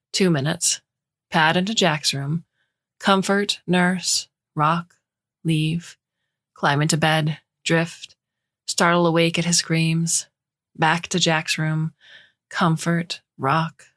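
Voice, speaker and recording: A woman narrating a short story in a measured, even way. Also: on the low side.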